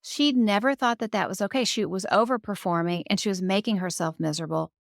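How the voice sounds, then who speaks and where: A woman's voice: mid-range voice, fast talker, creaky, dry recording, clean studio sound. A woman author being interviewed on a podcast, telling stories reflectively and raising her voice on key points. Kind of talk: conversational interview.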